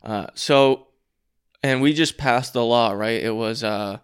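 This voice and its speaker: A young man co-hosting a casual chat, talking in quick restarts and stressing the alarming points. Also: medium pitch, clean tone. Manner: talks in fast restarts, emphatic on alarming points.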